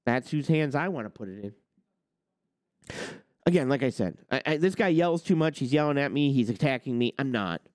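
A man's voice: mid-range voice, darkish tone, dry recording, studio quality. A man hosting a trucking talk channel, ranting with heated sarcasm and swearing. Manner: heated, sarcastic, swears, mocks others in put-on quotes. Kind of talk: ranting opinion monologue.

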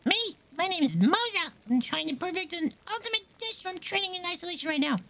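Woman doing a squeaky fussy cook girl from a game, chirpy and huffy. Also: lively intonation, brisk, fairly bright tone, faint music behind, heavily acted. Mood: indignant. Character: fussy young woman cook, proud and clueless.

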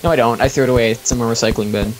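A man's voice: mid-range voice, fairly even intonation, racing, music in the background, poor audio. A man chatting casually while playing a video game with friends, joking and bossing his teammates around. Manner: playful, bossy, joking. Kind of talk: casual let's play chat.

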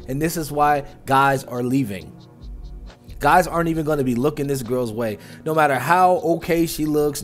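A man hosting a reaction channel, giving emphatic, scolding commentary with sweeping judgments. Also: a little high.

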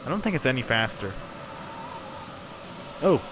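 A man's voice: mid-range voice, expressive, a little slow, noisy background. A young man casually commenting on a game he is playing, rambling and joking as he goes. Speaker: gameplay commentator. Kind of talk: casual let's play commentary.

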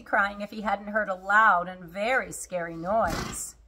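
Slow, expressive woman reading a storybook. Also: medium pitch, slightly rough. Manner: expressive and unhurried. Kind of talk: children's storybook read-aloud.

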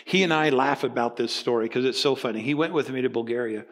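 A man in his sixties preaching a sermon as pastor, telling stories in a lively way and acting out both sides of conversations. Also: mid-range voice, quick pace. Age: 60s. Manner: animated storytelling, acting out dialogue.

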